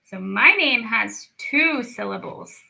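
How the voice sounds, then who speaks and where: A young woman teaching a children's lesson, slow and encouraging as she speaks to young kids. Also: on the high side, lively intonation, creaky, bright, forceful tone, poor audio. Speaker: speech clinic storytime teacher.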